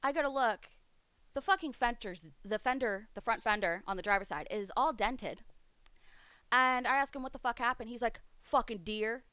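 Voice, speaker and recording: Woman streamer ranting and cussing, kinda high voice, smooth and dry. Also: normal speed, pushed and bright, dry recording. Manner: profane, ranting. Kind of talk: casual chat. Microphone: streaming mic.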